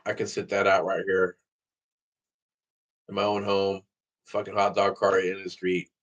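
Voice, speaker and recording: A man's voice: sits low, completely flat delivery, a little slow, fairly bright tone, muffled recording. A man talking straight to the camera in a casual vlog, rambling and swearing freely. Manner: profane, rambling talk to camera. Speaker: vlogger.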